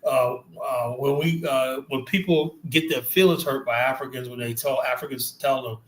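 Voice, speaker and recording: A man's voice: medium pitch, steady tone, normal speed, a bit bright, roomy sound, low-quality recording. A man from the United States hosting a heated casual debate, talking emphatically in a streetwise way and cutting in to press his points. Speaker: host.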